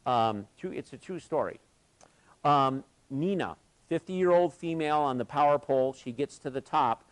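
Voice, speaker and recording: A man leading a live workshop, telling stories in an animated way and acting out what people said. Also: a little high, normal speed. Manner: animated, acts out quoted voices. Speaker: workshop facilitator. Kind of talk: storytelling at a workshop. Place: conference session, recorded live.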